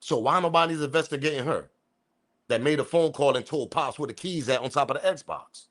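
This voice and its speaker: A man hosting a commentary video, ranting about the news with profanity and loud emphatic bursts. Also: fairly high pitch, a little fast. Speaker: commentary channel host.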